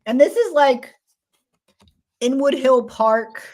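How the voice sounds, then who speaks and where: A New York woman hosts a laid-back tarot show, tossing in wry, rambling asides as she reads. Her voice is high, expressive and a little mellow, and she speaks at a slow pace.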